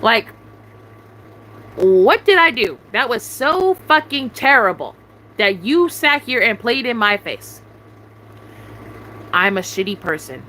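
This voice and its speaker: A young woman rants straight into the mic, her voice high and sharp-edged as she swears and repeats her demands. A faint hiss of noise sits under the recording. Her pitch swings widely as the anger rises and falls. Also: very animated, slow pace, rough recording. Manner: confrontational, repetitive demands, heavy swearing. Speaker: YouTuber venting on a live stream. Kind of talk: angry venting rant.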